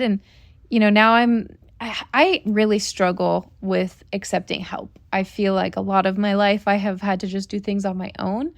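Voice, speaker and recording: Gravelly-voiced woman telling a heartfelt story. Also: medium pitch, little pitch movement, normal speed, no room sound. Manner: earnest, reflective storytelling with acted quotes. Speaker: podcast co-host. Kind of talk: casual storytelling chat.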